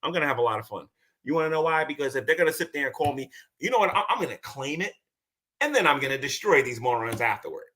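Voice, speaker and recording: A man's voice: fairly high pitch, expressive, quick pace, sharp tone. A man streaming, talking back to his critics in a boastful, mocking, taunting way. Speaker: streamer reacting to clips. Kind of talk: casual livestream commentary.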